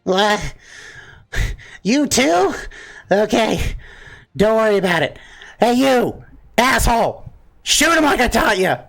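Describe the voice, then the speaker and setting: A man voicing a harried, distracted deity who yells orders in the middle of a fight. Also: high-pitched, big pitch swings, gravelly, soft background music, voice pushed up, heavily acted. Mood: frantic. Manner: rapid, distracted, yelling orders. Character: frantic harried deity amid a battle.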